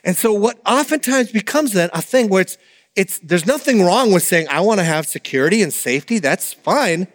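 A man preaching a sermon in an animated, conversational way, with asides to the congregation. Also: high voice, normal speed, in a large hall. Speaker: pastor.

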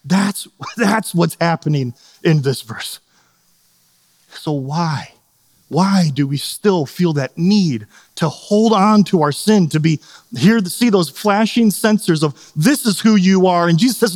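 A man preaching a sermon as pastor, earnest and animated, sometimes acting out quoted voices. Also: high voice, unhurried, big-room sound.

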